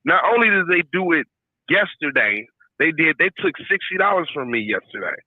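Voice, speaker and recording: A man phones in from his parked car and rants heatedly, peppering his speech with swearing. His voice sits slightly high. The line is thin and tinny, like a phone call, and dry. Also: very animated, normal speed, no echo. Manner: heated, venting rant with swearing and repeated "you know what I'm saying". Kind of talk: casual chat.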